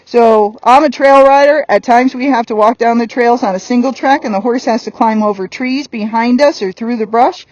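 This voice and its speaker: A woman's voice: on the high side, normal speed, hardly any pauses, no echo, rough recording. A woman horse trainer giving a hands-on lesson while working a horse on the ground, blunt and firm.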